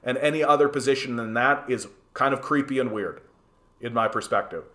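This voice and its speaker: A man hosting a livestream and answering his chat. He is heated and fired up, swears often and keeps stumbling over restarts with lots of "uh". His pitch sits in a plain middle range. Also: a little fast, pushed and bright. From Canada. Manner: swears freely. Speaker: political livestream host. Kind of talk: livestream commentary reading chat.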